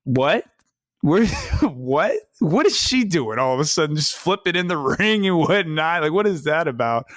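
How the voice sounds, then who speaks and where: Animated man riffing on wrestling. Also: on the high side, a little slow, no echo, clean studio sound. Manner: animated, acts out quotes with slang. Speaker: podcast co-host. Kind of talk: casual wrestling chat.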